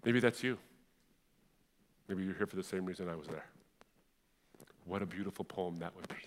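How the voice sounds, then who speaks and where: A young adult man from the Middle East gives a passionate personal testimony in sermon style, shifting between hushed and fiery delivery. His voice sits low.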